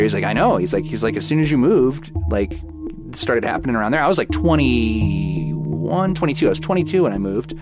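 A man's voice: mid-range voice, animated, brisk. A man in his thirties casually telling a personal ghost story, acting out the back-and-forth dialogue. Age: 30s. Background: background music.

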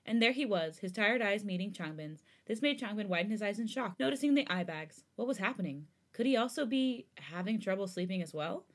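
A woman's voice: mid-range voice, expressive, a little fast, few pauses. Woman reading a story aloud. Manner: earnest storytelling narration. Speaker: podcast host. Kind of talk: reading fan fiction aloud.

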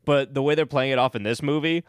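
A man's voice: medium pitch, quick pace, smooth, no echo. A man co-hosting a casual movie podcast, rambling and laughing, talking into a studio mic with headphones on. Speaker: podcast co-host.

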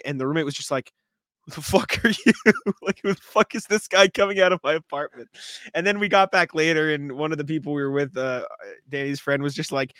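Dry-voiced, bright man telling stories. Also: medium pitch, dry recording. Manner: animated storytelling, swears freely, laughs often. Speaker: podcast co-host. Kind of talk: casual chat.

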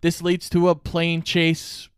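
A man co-hosting a podcast, casually recapping a movie's plot and tossing in quick quoted lines. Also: fairly high pitch, completely flat delivery, smooth, no room sound, clean studio sound. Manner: recaps plot, quoting lines in offhand voices. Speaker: podcast co-host.

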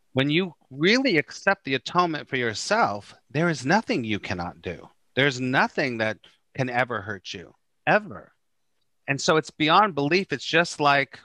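This medium-pitched male voice belongs to a middle-aged Course in Miracles teacher appearing as a podcast guest. He tells stories casually and animatedly, voicing the quotes himself, with no echo in the recording.

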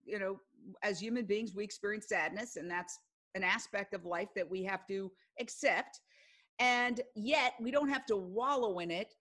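A woman's voice: mid-range voice, moderate pace, fairly bright tone. An older woman, a broadcast journalist appearing as a guest, chatting casually on a podcast and telling stories earnestly, acting out what people said. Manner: earnest storyteller, acts out quoted speech.

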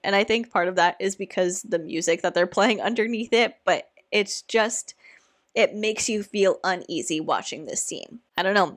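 A young woman hosting a casual commentary video, recapping a documentary in an earnest, emotional way with many fillers and pauses. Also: mid-range voice. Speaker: YouTube commentary host.

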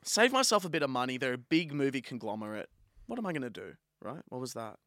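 A man's voice: mid-range voice, quick pace, dry recording, clean studio sound. A young Australian man co-hosting a podcast, telling stories animatedly in casual chat. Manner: animated storyteller, acts out dialogue. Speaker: podcast co-host.

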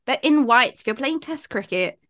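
Bright, opinionated woman podcast co-host. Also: high voice, lively intonation, normal speed. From India. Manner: enthusiastic, opinionated. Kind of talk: casual podcast chat.

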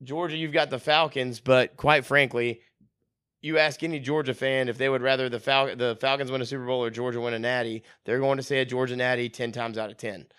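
Man, podcast co-host, casual sports chat, laughs often, mid pitch. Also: little pitch movement, fairly bright tone, smooth, no echo, studio quality. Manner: laughs often, makes quick jokes.

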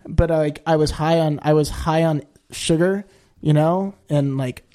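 A man as a podcast guest, telling a long story in a rambling, animated way, often saying "like" and jumping into high quoted voices. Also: moderate pace. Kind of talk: casual storytelling.

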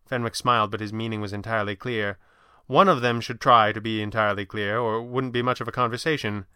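A man reading a story aloud in a measured, even manner. His voice is bright and crisp, close and dry on the mic. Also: lowish voice, no echo. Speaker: narrator. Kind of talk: audiobook narration.

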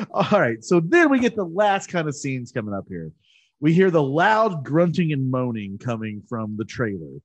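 A laid-back man on a casual podcast, recounting stories in a mid-pitched voice. His voice moves a lot in pitch as he tells them. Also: sing-song, normal speed, highs cut off. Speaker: podcast co-host. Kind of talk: casual chat.

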